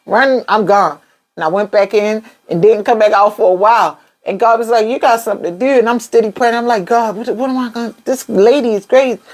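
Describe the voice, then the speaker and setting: A young adult woman speaking as a tarot reader on a casual live stream, her voice sitting a bit high. She tells her story with spirited quoted asides and blunt swearing. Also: a little fast.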